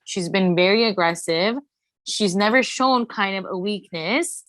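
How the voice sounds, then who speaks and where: A woman's voice: medium pitch, measured pace, a bit bright, no echo. A woman co-hosting a podcast, chatting casually, reacting and asking eager questions. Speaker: podcast co-host. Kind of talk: casual pop-culture chat.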